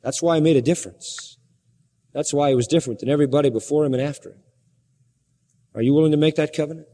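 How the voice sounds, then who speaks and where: A man preaching a sermon with emphasis, firing rhetorical questions and shifting his pace from slow to quick. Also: on the high side, mellow, big-room sound.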